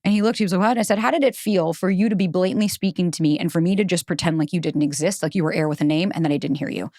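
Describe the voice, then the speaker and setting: A woman's voice: lowish voice, rapid-fire, darkish tone, dry recording, studio quality. A woman hosting a solo podcast, telling stories candidly and animatedly, acting out quotes and swearing freely. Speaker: podcast host and relationship coach.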